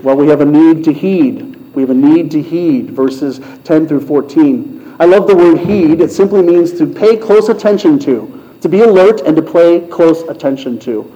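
A pastor giving a sermon, retelling a story in a conversational way. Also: male voice, on the high side, moderate pace, mellow. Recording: muffled lo-fi sound.

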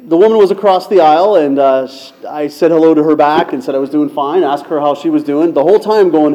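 A male pastor telling a personal story in a conversational sermon style, relaxed and self-deprecating, with frequent fillers. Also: a little high, fast talker, few pauses.

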